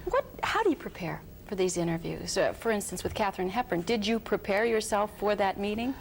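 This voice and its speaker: A woman's voice: mid-range voice, lively intonation, fairly quick, creaky, slight background noise. A woman hosting a broadcast interview and prompting her guest with conversational questions.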